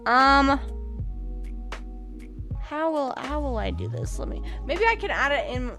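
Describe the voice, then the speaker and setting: A woman streamer with a high, light voice chats casually with her viewers in an unhurried, drawn-out way. She giggles often and turns flustered and apologetic, with soft music faintly playing behind her. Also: sing-song. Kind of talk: casual live-stream chat.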